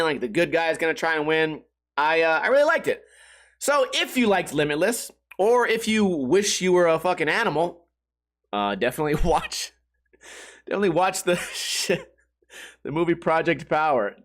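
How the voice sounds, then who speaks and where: A man's voice: high voice, fairly bright tone. A man hosting a solo comedy podcast, rambling and swearing casually and laughing at his own jokes. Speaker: podcast host.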